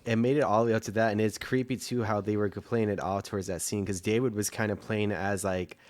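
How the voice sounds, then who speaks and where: A man's voice: on the low side, fairly even intonation, fairly quick. A man co-hosting a casual TV recap podcast, rambling with lots of "like" and swearing. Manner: rambling, full of fillers and restarts, swears freely. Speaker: podcast co-host.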